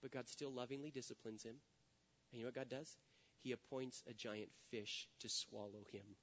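A middle-aged male pastor preaching a sermon, telling stories with lively energy and acting out the voices in them. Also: mid-range voice. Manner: animated storytelling, acting out quoted voices. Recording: dull lo-fi sound.

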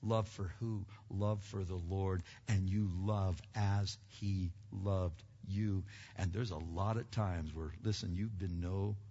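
A man's voice: low-pitched, steady tone, slow, few pauses, breathy edge. Man preaching in a reverberant hall. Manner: swings from loud emphatic preaching to quiet earnest asides; asks the congregation questions and answers them. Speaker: pastor. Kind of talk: sermon. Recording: dull lo-fi recording with long hall reverb.

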